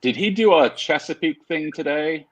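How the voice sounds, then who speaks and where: A man's voice: on the high side, lively intonation, normal speed, fairly bright tone, low-quality recording. A man joining a casual interview as the guest over a video call. He talks in an easygoing way, with lots of fillers and easy laughs. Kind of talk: casual chat.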